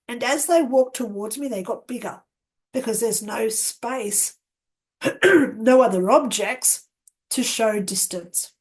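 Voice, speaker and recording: Woman, slow earnest storyteller, slightly high voice, re-enacts remembered dialogue. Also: breathy edge. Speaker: near-death experience guest. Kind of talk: personal storytelling. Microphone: webcam setup with ring light.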